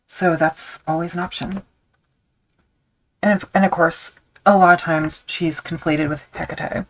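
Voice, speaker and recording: Low-voiced woman chatting while crafting. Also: steady tone, measured pace, a little hiss or hum, low-quality recording. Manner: rambling, self-deprecating, thinks aloud with fillers. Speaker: leatherworking streamer. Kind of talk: casual chat while crafting on a live stream.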